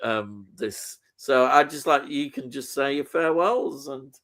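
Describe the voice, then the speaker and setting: Slow-talking man reading comments. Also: mid-range voice, fairly bright tone. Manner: unhurried, lots of ums, laughs easily. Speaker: co-host reading viewer comments. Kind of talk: casual live-stream chat.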